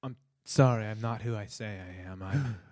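A man's voice: on the low side, moderate pace, a little mellow, no room sound, studio quality. A man improvising a comedy scene, speaking in a sheepish, apologetic way.

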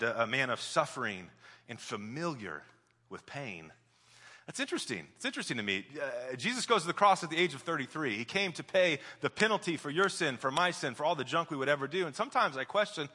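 Man, pastor sermon, very bright tense voice, long hall reverb, animated then hushed. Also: mid-range voice. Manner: animated storyteller, builds up loudly then drops soft.

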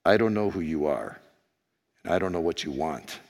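A grim former agent father growls a slow, quiet threat down a phone line, as a hoarse preacher puts him on. The voice sits low and steady with a hoarse edge, carried by the long reverb of a big hall. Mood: menacing calm. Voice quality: low, quiet, measured menace.

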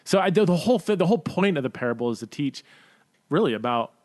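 A man's voice: a little high, sing-song, fast talker, a little mellow, no echo, studio quality. A man hosting a Q&A podcast, thinking aloud with lots of fillers and restarts and stumbling over words. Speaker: podcast host. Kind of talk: casual Q&A podcast talk.

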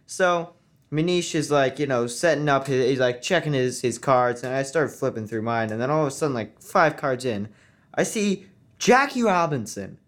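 A teenage boy, a guest on a casual chat, telling his story with eager excitement. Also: mid-range voice, moderate pace. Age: teens.

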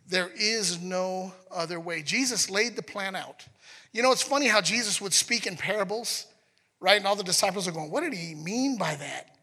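High bright-voiced pastor preaching, chatty and animated, lots of hall echo. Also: male voice, normal speed. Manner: conversational, animated, acts out scenes. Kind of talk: sermon.

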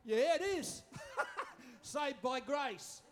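A man's voice: extremely high pitch, big pitch swings, extremely slow. A man preaching a sermon, joking with his listeners and repeating his phrases. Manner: humorous, acting out quotes, repeats phrases.

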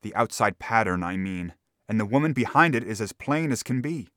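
A man reads a classic story in a measured, deliberate way. His voice is low, and the studio recording is dry and close. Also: animated, a bit bright, dry recording. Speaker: audiobook narrator. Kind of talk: scripted narration of a classic story.

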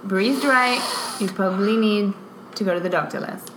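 A woman's voice: mid-range voice, moderate pace. A woman in her late twenties chatting as a daughter with her mother, laid-back and teasing, laughing often. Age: late 20s. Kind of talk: casual chat on a call. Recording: echoey room with faint noise.

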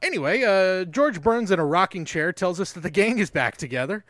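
Animated sarcastic man recapping a movie. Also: high voice, fairly quick, dry recording, clean studio sound. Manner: animated, sarcastic, swears casually. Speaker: podcast co-host. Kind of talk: casual movie recap chat.

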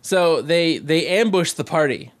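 A man with a slightly high voice talks through an old movie's plot in loose, casual podcast chat. He is sarcastic and profane, and he laughs often. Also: unhurried. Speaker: podcast co-host.

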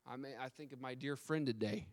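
A man's voice: mid-range voice, brisk. Preaching man in an echoing hall. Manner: storytelling, asks the audience questions, stammers on restarts. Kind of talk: sermon. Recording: long hall reverb.

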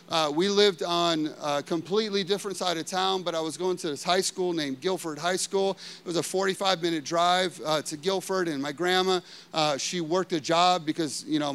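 Smooth, bright, and high-pitched, this preacher's voice carries personal anecdotes told in a chatty storytelling style. He leans heavily on fillers such as "like" and keeps asking his listeners questions.

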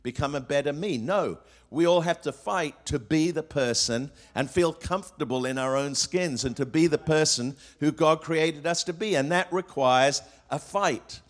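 A man's voice: fairly high pitch, moderate pace, few pauses. Man preaching a sermon. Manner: preaching with rhetorical questions and quotes, frequent fillers and restarts. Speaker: pastor.

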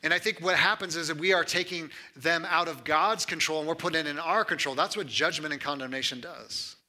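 A man in his thirties delivering a sermon with a very bright, slightly high voice. He preaches in a chatty, conversational way, checking in with "right?" and swinging between lifted emphasis and hushed, lowered lines. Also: fairly quick. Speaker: pastor.

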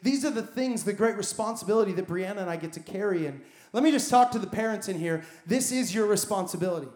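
A man's voice: high-pitched, expressive, fast, darkish tone. A man preaching a sermon as pastor, emphatic and building his points with repeated phrases. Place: church sanctuary. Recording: echoey church hall.

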